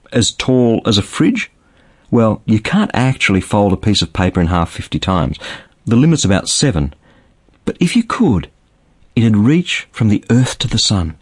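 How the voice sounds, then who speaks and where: A man's voice: lowish voice, husky. A man giving a short scripted radio devotional, telling it like a story and building to each point with rising emphasis.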